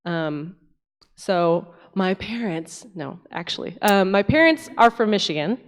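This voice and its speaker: A young woman from East Tennessee speaks in a mid-pitched, candid, chatty voice. Her words ring with a long reverb through a church hall. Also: expressive, unhurried. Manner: candid, emotional, chatty with fillers. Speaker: storyteller. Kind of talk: personal comedic storytelling. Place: church sanctuary.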